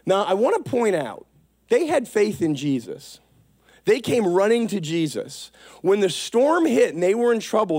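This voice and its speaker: A man preaching a sermon in a church, explaining a Bible passage with animated delivery and acted-out quotes. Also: high-pitched, measured pace.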